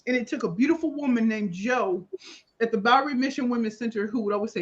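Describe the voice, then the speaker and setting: A woman appearing as a talk show guest, telling her personal story candidly and emphatically, with sudden loud bursts on key words. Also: on the high side, quick pace. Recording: slightly dull lo-fi audio.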